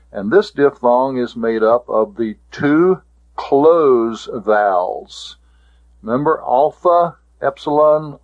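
Slow careful guy teaching a grammar class, repeats stuff, muffled old-sounding recording. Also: medium pitch. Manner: deliberate and methodical, repeats key terms. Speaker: Greek teacher. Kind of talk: classroom lecture. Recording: dull lo-fi lecture recording.

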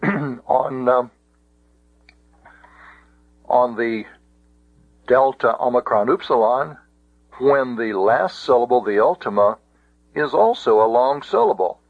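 Slow low-voiced man teaching grammar, tinny. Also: breathy edge, no echo. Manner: methodical, careful, spells out each example. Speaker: Greek teacher. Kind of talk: explaining grammar rules. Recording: tinny phone-like audio.

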